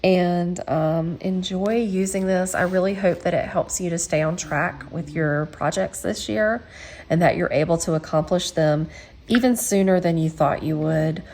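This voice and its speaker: A woman's voice: fairly low pitch, unhurried, a little mellow, a little hiss or hum. A woman hosting a casual craft tutorial, chatty and encouraging, with frequent ums. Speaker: quilting channel host.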